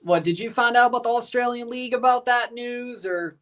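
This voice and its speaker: A man's voice: very high voice, brisk, a bit bright. Rambling, chatty male streamer. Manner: chatty, rambling, answers chat, laughs at himself. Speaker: streamer hosting a match watchalong. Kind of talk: casual live reaction commentary.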